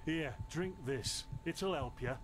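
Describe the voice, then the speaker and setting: An actor playing a friendly, good-humoured young alchemist who helps a feverish stranger in a video game. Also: male voice, a little high, slow pace. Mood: caring. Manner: good-humoured, helpful, chuckles easily. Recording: game audio over noisy stream.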